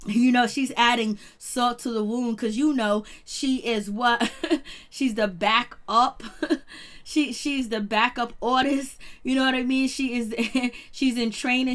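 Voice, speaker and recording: A woman's voice: on the high side, fairly bright tone. A woman giving a casual, chatty recap of a reality show episode, laughing often and acting out the cast's lines. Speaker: show reviewer.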